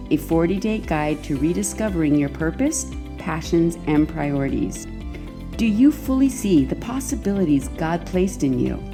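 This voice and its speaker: A woman hosting a faith-based podcast for women, reading an encouraging intro and then asking her guest questions. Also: fairly low pitch. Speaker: podcast host.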